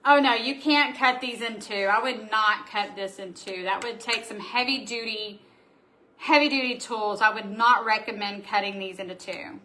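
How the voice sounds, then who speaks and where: A woman who owns a craft shop, hosting a live stream where she shows new supplies and chats excitedly with viewers. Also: mid-range voice, moderate pace, low-quality recording. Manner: bubbly, excitable, chatty with viewers. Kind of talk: live stream product showing.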